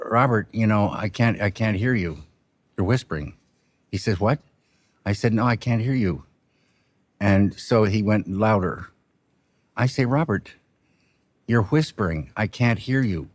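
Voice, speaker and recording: Slow, low-voiced, halting man. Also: dry recording. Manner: halting and soft-spoken, with many restarts and trailing pauses. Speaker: film director. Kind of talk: reflective interview talk.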